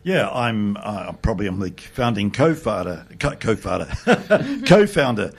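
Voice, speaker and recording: An older Australian man talks as a radio interview guest in a husky, slightly raspy voice. He keeps his answers simple and good-humoured. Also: fairly low pitch, sing-song, unhurried. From Adelaide, Australia. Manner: plain-spoken, good-humoured. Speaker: charity co-founder guest.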